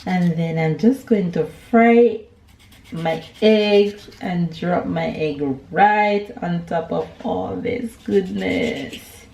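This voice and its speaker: A woman's voice: on the low side, drawn-out words, vocal fry, warm tone. A young woman vlogging to the camera, chatting away and narrating each step as she makes breakfast at home. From Jamaica. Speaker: family vlogger. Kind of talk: casual chat to camera. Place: home kitchen. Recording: echoey kitchen with clattering dishes.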